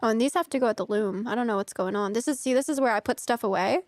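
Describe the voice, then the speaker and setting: A woman's voice: on the high side, very fast, no echo. A young woman from the United States chatting casually with her viewers while streaming a game, giggly and full of filler words. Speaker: streamer playing a farming game.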